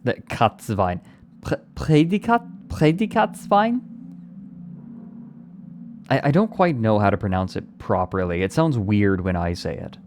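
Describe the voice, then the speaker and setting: A man's voice: low-pitched, lively intonation, normal speed, hardly any pauses, a little mellow, a little hiss or hum. A man streaming live, chatting casually and playfully with his viewers and answering their comments as he rambles along. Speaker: livestreamer.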